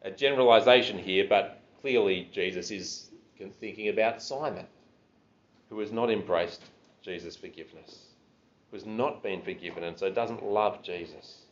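A man's voice: lowish voice, normal speed, muffled recording. A man preaching a sermon, explaining scripture verse by verse and stressing key words.

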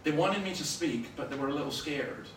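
A Scottish man preaching a sermon, telling stories with sudden loud bursts of emphasis. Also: a little high, brisk. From Scotland. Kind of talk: sermon with anecdotes. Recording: roomy, from far off, faint noise.

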